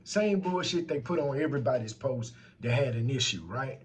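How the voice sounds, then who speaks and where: A man's voice: mid-range voice, animated, moderate pace, slight background noise. A man telling a story about a complaint in a casual, heated and profane rant.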